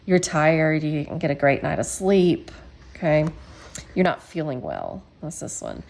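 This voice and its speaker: A woman's voice: low-pitched, sing-song, normal speed, darkish tone. A woman hosting a casual craft tutorial, chatty and encouraging, with frequent ums. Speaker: quilting channel host.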